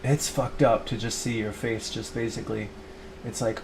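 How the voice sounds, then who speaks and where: A man's voice: on the low side, flat delivery, normal speed. A middle-aged man rambling to camera in a confessional, self-pitying monologue, his talk full of "like" and restarts. He drops into mock voices when quoting himself. Faint background noise sits under his voice. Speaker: YouTuber.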